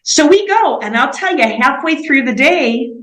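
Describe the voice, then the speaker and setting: A woman guest telling missionary stories in an interview, in an animated way with lots of "like.". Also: high-pitched. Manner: animated, fast-paced anecdotes with frequent "like". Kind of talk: storytelling in an interview. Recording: roomy echoey recording.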